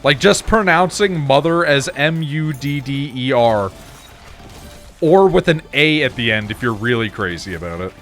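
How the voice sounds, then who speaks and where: A man's voice: mid-range voice, animated, normal speed, fairly bright tone, faint music behind. Laid-back man streaming a game. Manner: loose, profane, chatting with viewers. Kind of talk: casual gameplay commentary.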